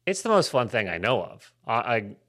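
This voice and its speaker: A man's voice: mid-range voice, very animated, normal speed, a bit bright. A man co-hosting a comedy podcast, chatting casually in a rambling, self-mocking way and swearing freely. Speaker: podcast co-host.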